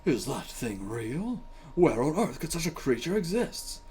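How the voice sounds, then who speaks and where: A man's voice: fairly high pitch, sing-song, measured pace, darkish tone, slight background noise. A man reading lines aloud as puzzled military officials in a put-on bad American accent, stiff and mock-serious.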